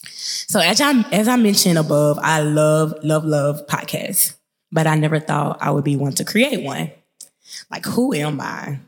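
A young woman in her twenties with a thick Mississippi Southern drawl, talking to her podcast listeners in a chatty, upbeat way. Her voice sits fairly low and rings out with a long reverb tail. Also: unhurried. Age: 20s. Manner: chatty, upbeat, speeds up when excited. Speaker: podcast host. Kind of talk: casual podcast monologue.

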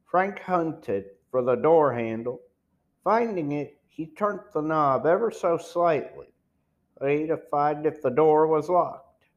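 Slow-reading man, lo-fi. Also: a little high. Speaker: audiobook reader. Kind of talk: reading a novel aloud.

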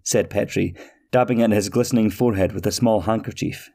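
A man hosting a podcast and narrating a fairy tale in a slow, measured storytelling manner. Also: fairly low pitch, vocal fry, dark tone.

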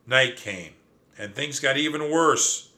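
A man reading a children's adventure story aloud in first person, with lively, dramatic telling. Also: mid-range voice, slow pace. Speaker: audiobook narrator. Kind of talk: storybook narration.

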